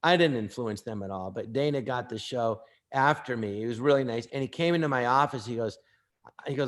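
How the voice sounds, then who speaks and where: A man, an actor and comedian, telling anecdotes in a casual interview, lively and quick to slip into impressions of the people he quotes. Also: mid-range voice.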